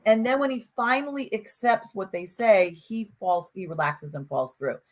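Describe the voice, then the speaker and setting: Animated woman co-host chatting. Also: mid-range voice, moderate pace. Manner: animated storyteller, frequent restarts and acted-out quotes. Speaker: podcast co-host. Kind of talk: casual conversation.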